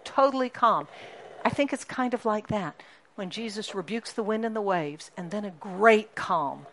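A woman preaching a sermon to a congregation, animated and emphatic, often asking the listeners questions and repeating key lines. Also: medium pitch, moderate pace, slight background noise. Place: church congregation.

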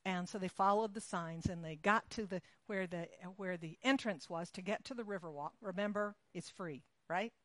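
A woman delivers a sermon, leading into her point through a long story. She talks animated and conversational, slipping into the voices of the people in it. The sound is dry and close. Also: on the low side, normal speed, few pauses, no echo. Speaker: preacher.

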